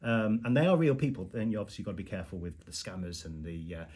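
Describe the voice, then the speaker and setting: A man in his forties in casual podcast chat, talking in a measured way with many ums. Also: low voice, lively intonation, a little mellow, husky. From England. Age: 40s. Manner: measured, with frequent ums and fillers.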